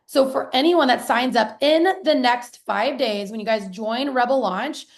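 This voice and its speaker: A woman in her thirties coaches her viewers over a live stream, excited and chatty, with casual swearing. Her voice sits slightly high and has a gravelly fry to it. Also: unhurried. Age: 30s. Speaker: business coach.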